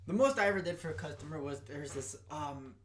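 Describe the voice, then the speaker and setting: Fast-talking bright-voiced teenage guy. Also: a little high, animated, a little hiss or hum. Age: teens. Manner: fast, eager, bright-voiced talker with lots of fillers. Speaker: podcast guest. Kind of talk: casual chat.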